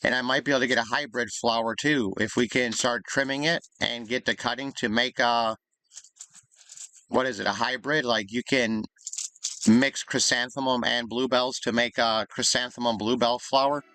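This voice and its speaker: A man's voice: mid-range voice, fairly even intonation, moderate pace, sharp tone, dry recording. A man casually commenting on his life-sim gameplay, thinking aloud in an easygoing, chatty way. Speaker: gaming YouTuber.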